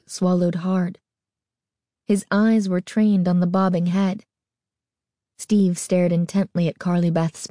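A woman reads a spooky story aloud at a slow, measured pace. Her tone is mellow and dark. The recording is close and dry. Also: lowish voice, level tone, dry recording. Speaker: narrator. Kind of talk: scripted horror story narration.

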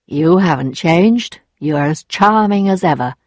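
A woman reading an audiobook, voicing a calm male former lover who speaks slowly and coolly. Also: lowish voice, no echo, clean studio sound. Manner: calm, measured, cool.

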